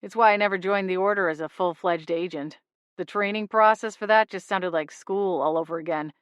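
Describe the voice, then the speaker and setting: A woman's voice: brisk, no echo, muffled recording, lightly acted. A woman reading the part of an easygoing young man who works as an investigator and dislikes rules. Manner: easygoing, gruff and low on the phone. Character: laid-back young man, a rule-dodging investigator.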